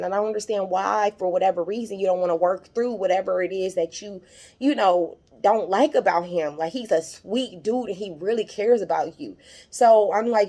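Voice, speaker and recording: A woman hosting a casual TV episode recap, chatty and opinionated, often calling the viewer "child" and "honey.". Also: moderate pace. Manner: animated, rises high when worked up.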